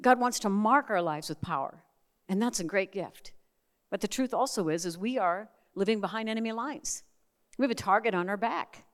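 Animated woman preaching with stories. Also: medium pitch, normal speed. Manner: animated storyteller, acts out quoted voices. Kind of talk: sermon with personal stories.

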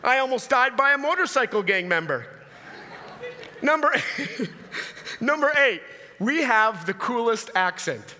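Minnesota guy preaching comedy to a crowd, really high bright voice, all pumped up, big hall echo. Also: measured pace, long pauses. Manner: energetic, hyped-up, calls out to the crowd. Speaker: traveling preacher. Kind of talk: comedic stage talk to a live crowd. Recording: long hall reverb.

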